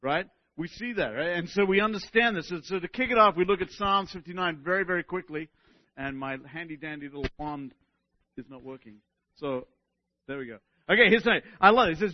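High-voiced male preacher, keeps asking "right?", dull dry recording. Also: fairly quick, dry recording. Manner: animated, keeps asking "right?", restarts words. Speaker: pastor. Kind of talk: sermon.

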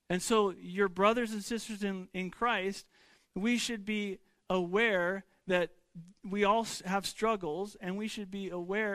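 A man delivers a sermon as a pastor, his voice sitting high for a man. He talks in a loose, conversational way, stumbling and restarting, tossing rhetorical questions at his listeners. The sound is dry and close, with no room echo. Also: fairly bright tone.

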